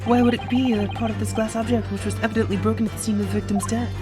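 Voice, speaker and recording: A woman voicing a flamboyant, smug gentleman detective, lowering her voice and speaking pompously. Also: fairly even intonation, racing, lightly acted. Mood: accusing. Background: game music.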